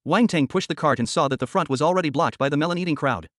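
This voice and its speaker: Fast, dry-voiced male story narrator. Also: a little high, a bit bright, no echo. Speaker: recap narrator.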